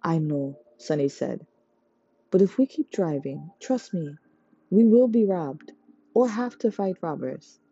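Reader: woman, animated novel narration, warm low tone, dull dry recording. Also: measured pace, breathy edge, no room sound. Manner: lively character voices, high for the girls. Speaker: audiobook reader. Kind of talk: reading a novel aloud.

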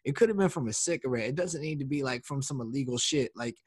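A man's voice: mid-range voice, quick pace, slightly rough, no room sound. A man hosting a podcast in a casual chat, agreeing with his guest in an incredulous, profane way. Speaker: podcast host.

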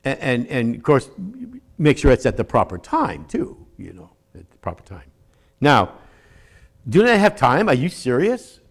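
An older man preaching a sermon as a pastor, swinging from shouts to near-whispers and repeating words for emphasis. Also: mid-range voice, wildly swooping pitch, normal speed.

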